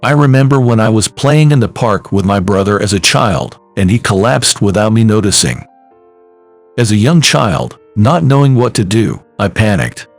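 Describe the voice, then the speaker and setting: A man narrating a scripted first-person story with soft music behind. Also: on the low side, big pitch swings, moderate pace.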